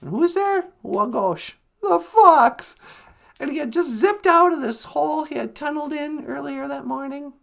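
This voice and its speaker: A woman telling a folk tale in a casual, animated way, laughing often. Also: high-pitched, normal speed, creaky. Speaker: storyteller. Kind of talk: casual storytelling.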